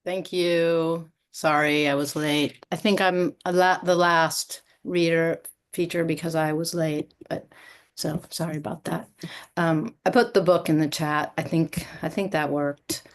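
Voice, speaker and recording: A hesitant woman with a very low voice speaks slowly on a video call. She sounds apologetic and pauses often, filling the gaps with fillers. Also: fairly even intonation. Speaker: featured poet.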